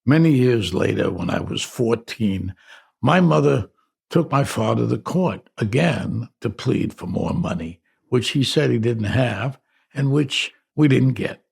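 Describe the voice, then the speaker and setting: An older New man reads his memoir aloud in a deeply gravelly, husky voice. He drifts back through memories with halting restarts and casual asides. His pitch rises and falls a lot. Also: expressive, darkish tone. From New York. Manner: reflective, halting, with conversational asides. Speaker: memoir narrator. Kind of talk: audiobook memoir narration.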